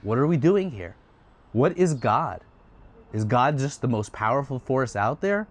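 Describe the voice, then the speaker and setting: A man's voice: mid-range voice, very animated, a little slow. A man voicing a clever teenage boy who plays innocent and asks eager questions. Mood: curious. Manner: feigned surprise, eager questioning.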